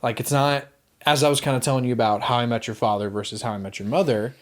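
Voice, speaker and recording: A man co-hosting a podcast, chatting casually about movies in a rambling, animated way, swearing and acting out quotes. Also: mid-range voice, fast. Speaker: podcast co-host.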